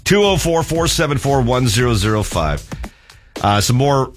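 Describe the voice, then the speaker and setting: A man co-hosting a radio show, his pitch swinging widely as he jokes and rambles. He talks in relaxed studio banter with a little music faint in the background. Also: moderate pace. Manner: joking, rambling, laughs easily. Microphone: studio microphone.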